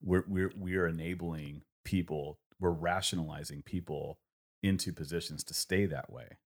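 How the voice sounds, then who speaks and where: Man, 30s, extremely low voice, reflective storyteller with lots of ums. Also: steady tone, moderate pace. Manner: reflective, rambling storytelling with many fillers. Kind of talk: casual conversation.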